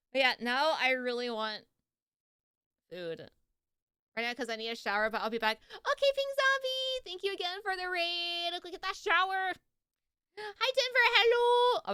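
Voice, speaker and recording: A woman's voice: mid-range voice, fairly bright tone, clear, resonant tone, dry recording, studio quality. A young woman on a live stream, chatting casually and giggling as she greets viewers and reacts to videos.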